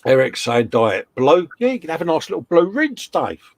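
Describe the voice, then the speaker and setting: A man's voice: a little high, very animated, moderate pace, dry recording. A man with a British accent co-hosting a casual live stream, reading out viewer comments and trading slangy jokes from a home workshop. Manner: jokey banter with slang.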